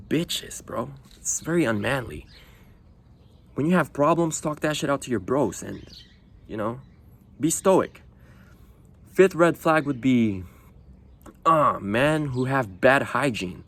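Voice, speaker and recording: A man talking bluntly to the camera in a casual monologue, swearing often and tagging lines with "you know". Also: medium pitch. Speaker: vlogger.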